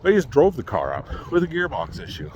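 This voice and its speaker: A man's voice: medium pitch, wildly swooping pitch, brisk, a little mellow, lo-fi sound, a little hiss or hum. A man telling a long story in a rambling, exasperated way and acting out what other people said. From Manitoba, Canada. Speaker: vlogger. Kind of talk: casual storytelling.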